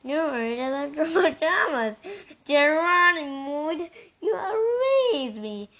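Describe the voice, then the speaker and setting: A woman reader voicing a boastful, teasing male cousin mouse in a storybook, loud and mocking. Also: high voice, very animated, slow, dull audio, voice pushed up, full character voice.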